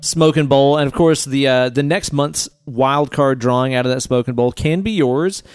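Easygoing young adult male podcast co-host, mid-pitched, dry close mic. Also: normal speed, clean tone, no echo. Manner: laid-back, easygoing. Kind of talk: casual chat.

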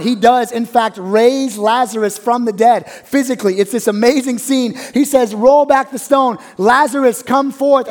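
Male pastor, high voice, church sermon, loud peaks then hushed drops. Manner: dramatic swings from loud high peaks to hushed low phrases.

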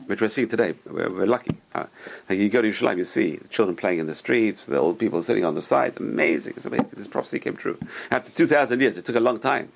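A man's voice: lowish voice, lively intonation, fast, gravelly, husky. A man teaching a Torah class, retelling old stories with rhetorical questions and Hebrew terms mixed in.

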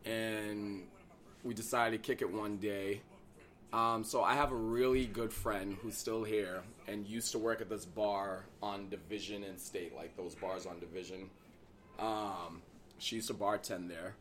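A man in casual chat, telling his own dating story in a relaxed way. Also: lowish voice, unhurried. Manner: relaxed, reactive, trades his own stories.

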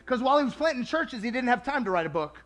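A man preaching a sermon to a congregation in a lively, conversational way, acting out quoted voices. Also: very high-pitched, fast talker.

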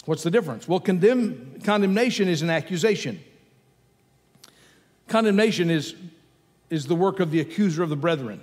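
A man's voice: high-pitched, animated, normal speed, long pauses, a little mellow. A man preaching a sermon in a conversational way, repeating his key phrases for emphasis. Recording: long hall reverb with faint music.

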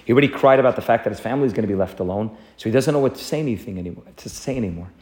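A man teaching a Torah lesson, telling a story in an earnest, animated way and often repeating himself. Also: on the low side, racing.

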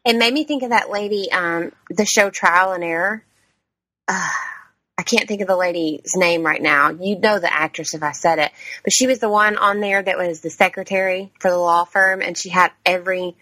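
A woman's voice: on the low side, fairly even intonation, normal speed, sharp tone, no room sound. A woman co-hosting a podcast in casual chat, talkative, swearing freely and laughing often. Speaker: podcast co-host.

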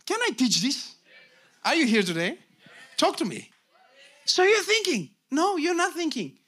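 A middle-aged man preaching a sermon as pastor, emphatic, calling out to the congregation and swinging from low asides to shouted peaks. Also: sing-song, unhurried.

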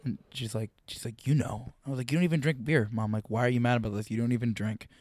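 A young man hosting a podcast, telling crude, animated stories in casual chat. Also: medium pitch, fast talker, no room sound. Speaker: podcast host.

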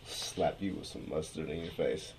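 A man's voice: very deep voice, normal speed, background noise. A man co-hosting a podcast in casual banter, brash and teasing, swearing often. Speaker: podcast co-host.

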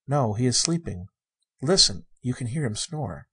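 A man reading the part of a shy, wondering sixteen-year-old girl, in a soft, earnest and innocent way. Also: mid-range voice, expressive, moderate pace, husky, heavily acted.

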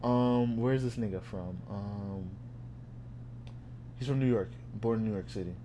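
Young male podcast host, casual storyteller, animated and laugh-prone. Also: lowish voice, measured pace, noisy background. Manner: animated, acts out voices in anecdotes, laughs often.

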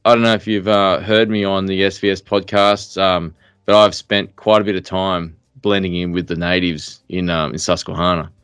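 A man's voice: low-pitched, flat delivery, normal speed, fairly bright tone, smooth, no echo. A middle-aged man co-hosting a podcast, talking bluntly in casual chat with lots of fillers and restarts. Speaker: podcast co-host.

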